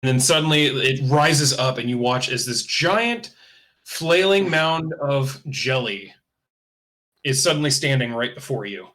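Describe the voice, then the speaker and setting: A man's voice: medium pitch, animated, a little slow, bright, forceful tone. Casual male game master narrating. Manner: casual, loose narration with fillers like "kinda" and "uh".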